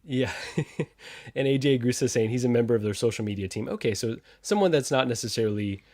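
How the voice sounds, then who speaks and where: A man's voice: mid-range voice, expressive, fairly quick, a little mellow, dry recording. A man hosting a casual livestream chat, reading out viewer comments and trading sarcastic jabs with a laugh. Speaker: podcast host reading live chat.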